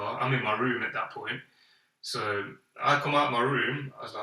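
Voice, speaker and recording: Young male podcast co-host, bright tone, lively storyteller doing the voices, roomy echo, distant mic. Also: mid-range voice, fairly quick. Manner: animated storyteller, acts out quoted voices. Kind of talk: casual storytelling chat. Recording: echoey room, off-mic.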